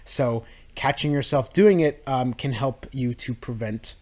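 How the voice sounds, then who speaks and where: A man's voice: medium pitch, measured pace, a little mellow. A young man hosting a self-improvement podcast, talking through his thoughts in a rambling, reflective monologue full of restarts. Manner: rambling, with many restarts and fillers. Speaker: podcast host.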